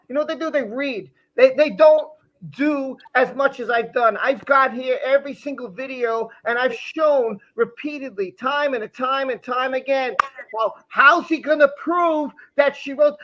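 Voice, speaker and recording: Man, angry rant, repeats himself, high-pitched, dull lo-fi sound. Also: a bit bright. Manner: heated, repeats phrases, talks over the clip. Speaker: live-stream host reacting to news coverage. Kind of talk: angry ranting commentary.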